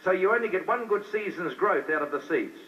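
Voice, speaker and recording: A man's voice: sits high, animated, a little fast. A man preaching a sermon with fervor, putting rhetorical questions straight to his listeners. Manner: fervent, talks straight to the crowd with rhetorical questions. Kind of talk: fiery sermon. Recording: dull lo-fi recording from a distance.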